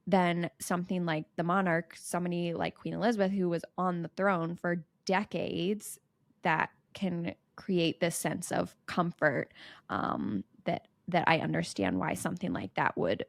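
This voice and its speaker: A young American woman co-hosting a podcast, explaining her views in a measured, conversational way. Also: fairly low pitch, vocal fry, dry recording. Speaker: podcast co-host. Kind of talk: casual chat.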